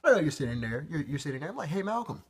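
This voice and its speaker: A man's voice: fairly high pitch, big pitch swings, racing, breathy edge. A man talking to camera in a rambling, profane vlog monologue that keeps interrupting itself. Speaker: vlogger.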